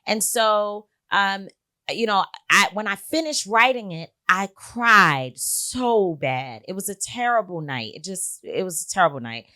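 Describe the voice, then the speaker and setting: A middle-aged woman speaking as an interview guest. She tells personal stories frankly and earnestly, with a slightly low voice. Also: lively intonation, unhurried, pushed and bright. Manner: earnest, frank, with frequent filler words. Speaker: guest, activist and author. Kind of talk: candid personal storytelling.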